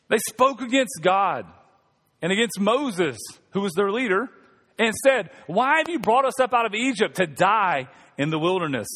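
High voiced pastor guy preaching, cracking jokes to the crowd, big echoey church. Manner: joking, animated preaching with audience asides. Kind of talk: sermon. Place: church sanctuary. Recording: long reverb of a church hall.

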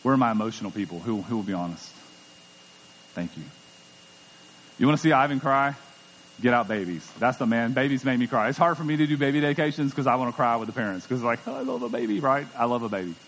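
A man's voice: mid-range voice, quick pace, a bit bright, a little hiss or hum. A middle-aged man preaching a sermon as pastor, conversational and emphatic, often repeating words as he goes. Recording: long church hall reverb.

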